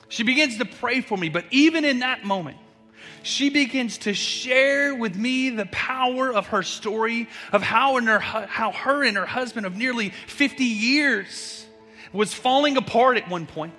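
A man in his thirties, a student pastor preaching and telling his own story, moving from soft to fervent. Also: high-pitched, moderate pace. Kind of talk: sermon with personal testimony. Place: church sanctuary. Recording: echoey hall, music behind.

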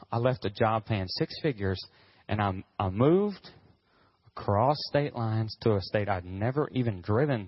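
A man pastor telling a personal story in a sermon, animated and acting out what people said. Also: lowish voice, no room sound, dull audio. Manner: animated, acts out quotes, whoops with excitement.

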